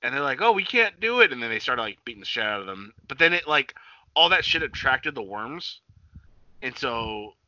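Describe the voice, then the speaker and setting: A man in casual podcast banter, cursing freely and joking with his co-host. His voice is very bright and sharp. It comes through a dry, dull, lo-fi mic. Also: medium pitch, expressive, normal speed, no room sound. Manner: loose, profane and joking, calls his co-host buddy.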